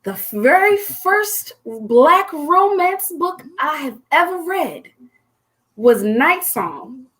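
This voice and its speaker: A woman in her forties hosting a casual chat, telling stories in a bubbly, excited way. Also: high voice, slow. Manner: bubbly, animated storyteller. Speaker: host.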